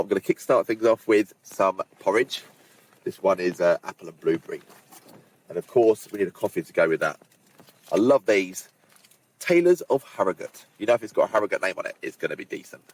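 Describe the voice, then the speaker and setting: A deep, slightly rough voice belongs to a hiking vlogger speaking fairly quickly from a campsite on the windy fells. He chats to the camera in a relaxed way, addressing viewers directly and adding casual asides.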